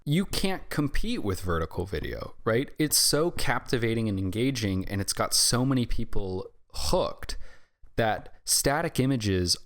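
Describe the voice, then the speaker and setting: A man's voice: on the low side, very animated, a little slow, a bit bright. A young man talking to camera in a rambling, hesitant way, often trailing off and checking in with "right?". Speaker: artist vlogger. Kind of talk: casual rambling monologue.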